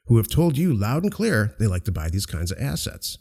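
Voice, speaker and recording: A man's voice: fairly low pitch, sing-song, moderate pace, a little mellow. A man co-hosting a casual radio-style show, giving emphatic instructions and teasing his co-host. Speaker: podcast co-host. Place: outdoors near a beach.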